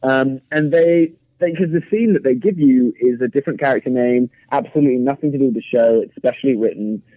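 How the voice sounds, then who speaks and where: A man in his thirties with an English accent, a guest actor chatting casually in an interview, speaking crisply and laughing often. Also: mid-range voice, fairly quick, hardly any pauses, dry recording, lo-fi sound. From England. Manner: over-articulates, chatty with frequent laughs.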